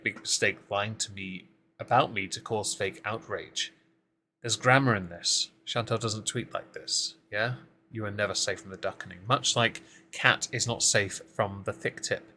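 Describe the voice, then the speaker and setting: A man's voice: fairly low pitch, pushed and bright, a little hiss or hum. A man hosting a casual live-stream commentary, talking with dry, sarcastic asides and frequent ums as he greets chat and reads through posts.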